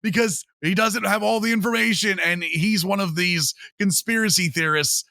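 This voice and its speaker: Excitable high-voiced man with gravelly edge. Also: normal speed, no room sound, studio quality. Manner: animated, laughs often, reads quotes mockingly. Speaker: sports podcast co-host. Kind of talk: casual sports chat.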